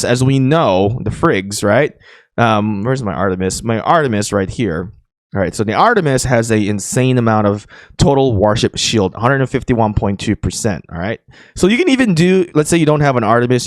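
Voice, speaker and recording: A man of middle pitch hosting a gaming video in a loose, chatty way, talking through what he clicks on screen with fillers and restarts. His voice sits close and dry on the mic, with no room around it. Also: no room sound. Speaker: gaming channel host. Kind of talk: casual game commentary.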